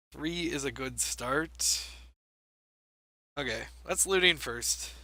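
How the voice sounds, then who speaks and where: A man's voice: fairly high pitch, bright, forceful tone, dry recording. A young man giving wry, self-mocking commentary on a card game match as he plays, thinking aloud. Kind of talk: gameplay commentary.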